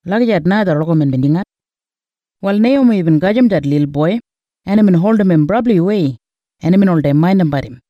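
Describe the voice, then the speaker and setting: A man with an Australian Kriol accent reading a Bible story aloud in steady, rhythmic storytelling. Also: sits high, fast, no room sound. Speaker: scripture reader. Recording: dull lo-fi dry recording.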